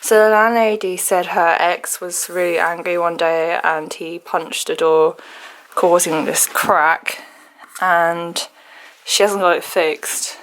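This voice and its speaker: Slow, soft-spoken woman vlogger. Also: fairly low pitch, steady tone, poor audio. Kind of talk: casual vlog chat.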